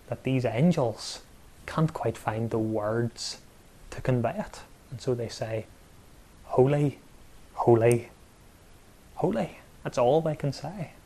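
A man preaching a sermon, measured and emphatic, with pauses and repeated words for stress. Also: medium pitch, warm tone.

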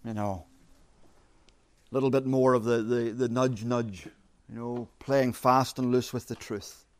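A man preaching an expository sermon, measured and emphatic, repeating his key phrases. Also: mid-range voice, fairly even intonation, clean tone.

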